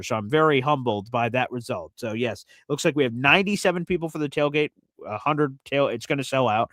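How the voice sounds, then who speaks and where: A man's voice: medium pitch, fairly bright tone, dry recording. A man hosting a live fan show in casual talk, chatty and enthusiastic, explaining things step by step. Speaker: host of a fan radio show.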